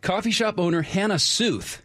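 A man, the show's resident historian, telling local history stories in a chatty, brisk way on a radio segment. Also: high-pitched, lively intonation, bright, forceful tone, no room sound, clean studio sound. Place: radio studio.

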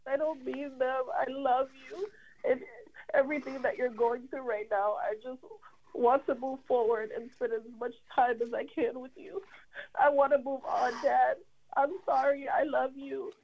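A woman's voice: sits high, flat delivery, normal speed. A woman calling in to a radio show as a daughter, speaking in an apologetic, tearful way. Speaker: caller, daughter. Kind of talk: emotional phone conversation. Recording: muffled phone line.

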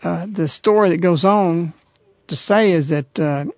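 A man hosting a radio talk show, earnestly retelling a story in a halting, conversational way. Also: high-pitched, no echo. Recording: dull, lo-fi radio recording.

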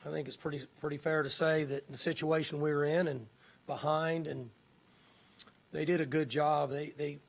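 A middle-aged man, a head football coach, giving halting, matter-of-fact post-game press remarks. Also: on the high side, little pitch movement, creaky.

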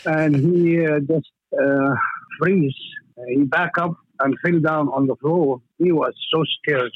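Arabic-native store owner on the phone, husky, chuckly, broken English. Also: male voice, fairly high pitch, steady tone, slow pace, dry recording. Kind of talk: phone interview, recounting a story. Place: his shop. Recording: tinny phone line.

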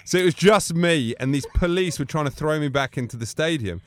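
A man's voice: a little high, fairly quick. A middle-aged man from England, a comedian guest in a casual interview, telling anecdotes and acting out other people's voices. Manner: animated, acts out voices in his anecdotes.

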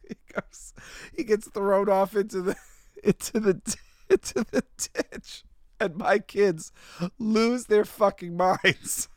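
A man's voice: sits high, slow pace, no room sound, studio quality. A man hosting a show, telling a story casually with a lot of animation, laughing often and swearing freely. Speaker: host.

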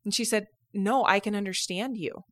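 A woman's voice: medium pitch, moderate pace, a bit bright. A woman with a Utah accent co-hosting a podcast, telling stories in casual chat and laughing often. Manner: chatty storyteller, laughs often. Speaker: podcast co-host.

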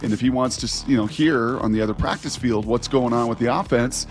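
A former player in his forties co-hosts sports talk radio, speaking briskly in a mid-range voice. He tells stories in a rambling, self-interrupting way, with many restarts.

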